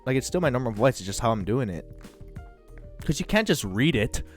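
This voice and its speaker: A man's voice: mid-range voice, big pitch swings, brisk, soft background music. A man in his thirties streaming live, chatting casually, laughing and trying out rap voices.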